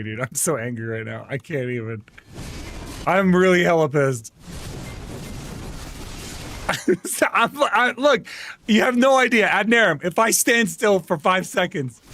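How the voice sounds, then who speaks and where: A man streaming a game live, chatting to viewers, quickly swinging between laughter and angry outbursts. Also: sits high, a bit bright, a little hiss or hum.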